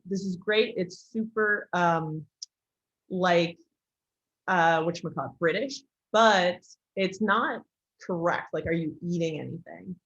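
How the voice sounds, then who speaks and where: An American woman leads a casual online class, talking candidly and chattily with frequent likes and ums. Her voice sits somewhat low for a woman. The recording sounds dull and lo-fi, with the top end muted. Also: measured pace, fairly bright tone. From United States. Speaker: instructor.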